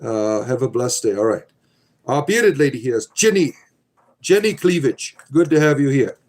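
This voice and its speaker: A man's voice: medium pitch, expressive, moderate pace, darkish tone. A middle-aged man hosting a casual livestream, reading chat aloud in a rambling, sardonic, irreverent way.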